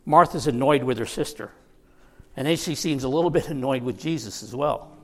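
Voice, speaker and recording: A man's voice: medium pitch, a little fast, a little mellow. A man preaching a conversational sermon as pastor, with joking asides to the congregation.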